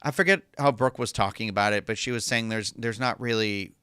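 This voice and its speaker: A man's voice: on the low side, a little fast, bright, forceful tone, clean tone, dry recording, clean studio sound. A young man co-hosting a podcast, chatting casually with stammered restarts and then reading news announcements aloud. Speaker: podcast co-host.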